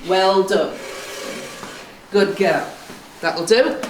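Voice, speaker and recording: A woman's voice: mid-range voice, very slow, echoey room, distant mic, noisy background. A woman training her young horse, calling short praise and commands and explaining to the camera. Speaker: horse owner and vlogger. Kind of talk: casual training commentary. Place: stable yard with a horse.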